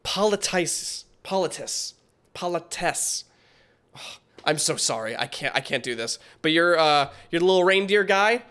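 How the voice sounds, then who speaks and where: A man hosting a reaction video in casual commentary, excitable and rambling, often stumbling over his words. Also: on the high side, measured pace, smooth.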